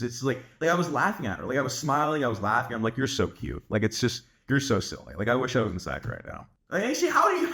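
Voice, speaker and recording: A man's voice: on the high side, a bit bright, echoey room. A young man giving dating advice in a brash, boastful monologue, swearing often and filling his talk with "like". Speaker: dating coach. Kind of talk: casual monologue to camera.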